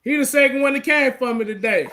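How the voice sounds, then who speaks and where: A man's voice: very high-pitched, fast, a loud crowd. A man co-hosting a live sports talk stream, joking and repeating himself in loose banter. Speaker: podcast co-host.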